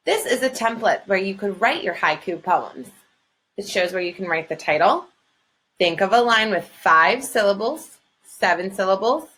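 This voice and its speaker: A woman's voice: medium pitch, a bit bright. Woman teaching a first grade lesson. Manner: slow, clear, encouraging teacher talk, sounding out syllables. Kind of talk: recorded classroom lesson.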